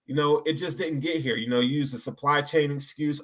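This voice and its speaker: Bright-voiced joking man hosting a podcast. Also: on the high side, fast talker, hardly any pauses. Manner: loud, joking, gives shout-outs to viewers. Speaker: podcast host. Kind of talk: casual sports podcast chat.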